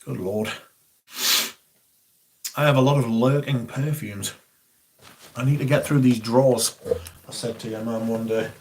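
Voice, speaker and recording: Guy on a livestream, middle pitch, sweary, theatrical, grumbly, slight hiss behind. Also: a little slow, pauses often, darkish tone. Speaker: livestream host. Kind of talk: casual livestream chat. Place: room at home, moving about while tidying.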